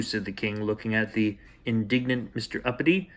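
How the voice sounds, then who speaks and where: A man hosting and reading a bedtime story aloud in a gentle, playful way for children. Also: fairly low pitch, a little fast, hardly any pauses. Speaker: storyteller host.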